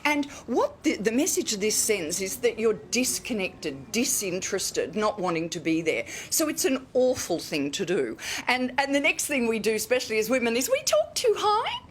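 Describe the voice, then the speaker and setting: A middle-aged Australian woman speaks as an expert guest, her pitch leaping and dropping to show what she means. She talks with emphatic, demonstrative energy. A faint low rumble sits under the recording. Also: big pitch swings, normal speed, hardly any pauses. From Queensland, Australia. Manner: emphatic, demonstrative, swooping pitch to illustrate points. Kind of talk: expert explaining on a TV morning show.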